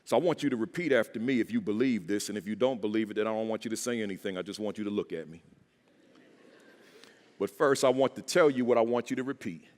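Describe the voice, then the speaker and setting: A man's voice: lowish voice, fast talker, a little mellow. A man giving a motivational keynote to teachers, with an emphatic, preacher-like delivery and call-and-response. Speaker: keynote speaker, school principal. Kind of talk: motivational speech. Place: large church auditorium. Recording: echoey hall with long reverb.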